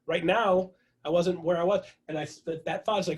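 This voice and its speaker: A high-voiced man keeps a moderate pace while giving his team a lively motivational talk by video call. The story he tells repeats itself a great deal.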